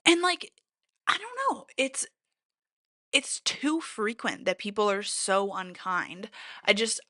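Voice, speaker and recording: A young woman hosting a podcast, telling a story in a casual, chatty way, full of fillers and "like", with quotes acted out in sudden high jumps. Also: big pitch swings, slow pace, pushed and bright, dry recording, clean studio sound. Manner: acts out quotes with big pitch jumps. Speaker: podcast host.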